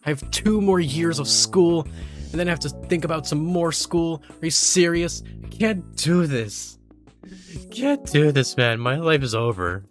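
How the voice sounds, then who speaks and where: A man's voice: high-pitched, big pitch swings, measured pace, soft background music, pitched above the performer's own voice. A man voicing a moody teenage girl who whines and lashes out dramatically. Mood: bitter. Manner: whiny, dramatic outbursts.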